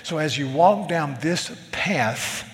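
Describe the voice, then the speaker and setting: A man's voice: on the high side, expressive, slow. A man preaching a sermon as pastor, earnestly quoting scripture aloud in a church sanctuary. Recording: long hall reverb.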